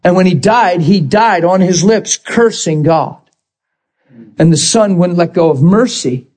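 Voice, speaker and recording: A man's voice: high voice, animated, a little slow, darkish tone. A man preaching a sermon, impassioned and rising to emphatic bursts.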